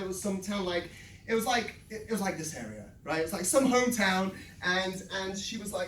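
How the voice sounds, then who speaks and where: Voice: medium pitch, animated, normal speed. Sales coach hyping up a workshop crowd, storytelling, keeps going "right?", roomy echo, mic kinda far, faint room hum. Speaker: sales trainer. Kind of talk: live workshop talk to a room. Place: training room with audience. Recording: echoey room, mic at a distance.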